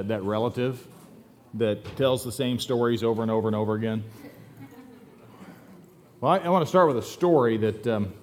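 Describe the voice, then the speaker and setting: Male pastor, casual sermon delivery with easy humor, church setting. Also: mid-range voice. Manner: relaxed joking storyteller, self-deprecating asides. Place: church sanctuary.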